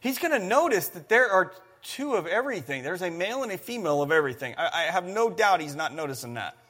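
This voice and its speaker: A man's voice: high voice, very animated, fast, fairly bright tone. A man preaching a sermon, emphatic, repeating phrases and calling on the congregation to answer.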